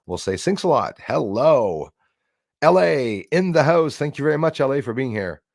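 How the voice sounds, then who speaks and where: A man's voice: mid-range voice, expressive, normal speed, creaky, a little mellow, no room sound, clean studio sound. A man hosting a casual live stream, rambling and greeting chat viewers by name.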